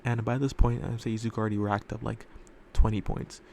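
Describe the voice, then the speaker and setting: Low gravelly guy rambling thru a fan story, tons of "like", flat delivery. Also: a little fast, a little hiss or hum. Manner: rambling, filler-heavy, casual swearing. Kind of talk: casual storytelling commentary. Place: room indoors at home.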